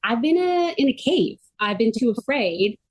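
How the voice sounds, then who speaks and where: A middle-aged woman speaking as a podcast guest, earnest and animated. Her voice sits a touch higher than most women's. She talks in long, eager runs, full of casual "like" fillers. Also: moderate pace, slightly rough. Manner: earnest and animated, frequent "like" fillers, quotes others in her own voice. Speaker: podcast guest, myofascial release therapist. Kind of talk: conversational interview storytelling.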